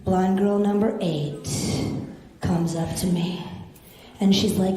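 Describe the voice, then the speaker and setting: A young woman doing a brash, profane stand-up set with loud exasperated outbursts. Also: mid-range voice, fairly even intonation, slow pace, pauses often. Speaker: stand-up comedian. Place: comedy club stage. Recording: echoey club stage.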